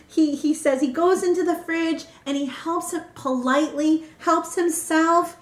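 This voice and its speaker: A woman teaching a Bible study, often checking in with her listeners by asking "right?". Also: sits high. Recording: roomy echo.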